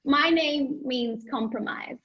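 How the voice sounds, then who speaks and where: A woman's voice: sits high, takes it slowly. An Australian woman doing a stand-up set, self-mocking and playful, laughing between her jokes. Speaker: stand-up comedian. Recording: dull lo-fi stage recording.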